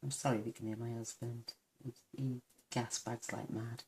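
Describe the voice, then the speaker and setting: A woman from the United Kingdom demonstrating card making, soft-spoken and mumbling to herself, gushing over her work. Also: very deep voice, level tone, normal speed, slight background noise. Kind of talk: crafting tutorial.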